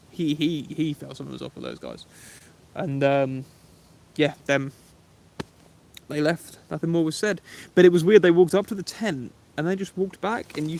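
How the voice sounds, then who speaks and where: A young Englishman talks casually to his live-stream viewers. His voice sits slightly high for a man, and he is loose and chatty, throwing in mate and bro as he answers comments. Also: vocal fry, darkish tone. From England. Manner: chatty and laid-back, says "mate" and "bro". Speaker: YouTube camping livestreamer.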